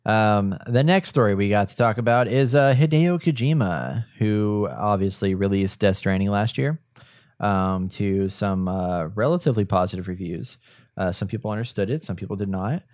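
A man's voice: lowish voice, lively intonation, normal speed, a little mellow, no echo, clean studio sound. A man from Texas co-hosting a casual video game podcast, chatty and enthusiastic when reading the news. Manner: upbeat, enthusiastic about racing games. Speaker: podcast co-host.

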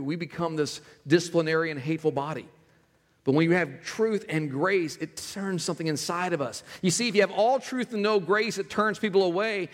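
A male pastor, preaching a sermon conversationally and swinging between loud, animated stretches and hushed ones. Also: sits high. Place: church sanctuary. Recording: long hall reverb with music behind.

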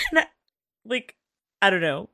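A woman co-hosting a podcast in casual recap chat, expressive and quick with laughing asides. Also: medium pitch, creaky, no echo, clean studio sound. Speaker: podcast co-host.

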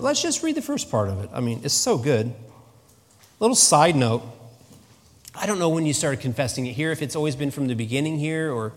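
Man, preacher, sermon, chatty, repeats himself, church, reverberant hall. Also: fairly high pitch. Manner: conversational, animated, repeats phrases.

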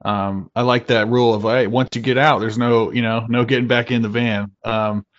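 A man interviewing a guest, asking questions in a halting way full of ums and restarts. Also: mid-range voice, level tone, highs cut off. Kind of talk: casual interview.

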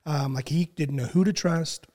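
A man in his thirties telling a long story in casual chat, with many fillers and frequent throat clearing. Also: fairly high pitch, moderate pace. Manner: relaxed, filler-heavy, clears throat often. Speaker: podcast guest.

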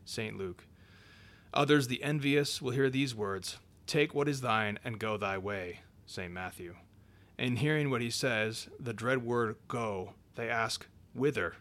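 A man reading an old sermon aloud in a measured, solemn way, dropping his voice for each scripture citation. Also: mid-range voice, a bit bright. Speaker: reader.

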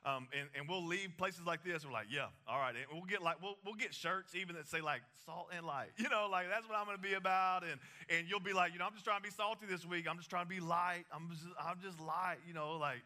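A man preaching a sermon, animated, with casual asides and laughs, a parent of young children. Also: fairly high pitch. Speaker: pastor.

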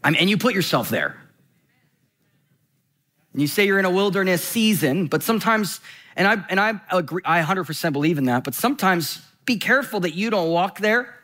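A male preacher with a somewhat high voice delivers a lively, conversational sermon. He reads scripture slowly and deliberately, then rushes through asides, often checking in with "right?" His pitch jumps up when he gets excited. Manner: animated, swings between slow scripture reading and quick asides.

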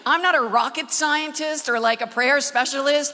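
A woman preacher telling a story in an animated sermon, acting out what people said and asking the audience questions, recorded live in a large concert hall. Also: sits high, moderate pace, hardly any pauses. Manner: animated, acts out dialogue, asks audience questions. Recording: long hall reverb from a live event.

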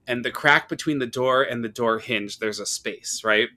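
A man's voice: medium pitch, normal speed. A man hosting a casual podcast, talking through a horror film and acting out its lines. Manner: animated storyteller, acts out quotes. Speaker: podcast host. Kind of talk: casual horror movie discussion.

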